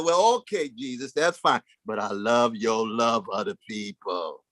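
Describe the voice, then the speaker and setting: A man's voice: unhurried, a bit bright, no echo. A man giving an impassioned public talk, preacherly and rhythmic, mixing dramatic swells with folksy conversational asides. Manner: preacherly, rhythmic, with dramatic swings in pitch and volume. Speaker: guest speaker.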